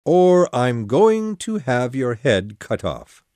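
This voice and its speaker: A woman reading an audiobook voices a pompous, fussy old king presiding over a trial in a deep, gruff, commanding tone. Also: big pitch swings, slow pace, mellow, no room sound, clean studio sound, exaggerated voice. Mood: stern.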